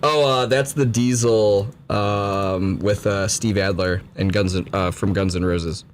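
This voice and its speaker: A man's voice: on the low side, steady tone, unhurried, a little hiss or hum. A man co-hosting a talk radio show, teasing his partner, laughing and cursing freely. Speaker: radio co-host. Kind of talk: casual talk radio chat.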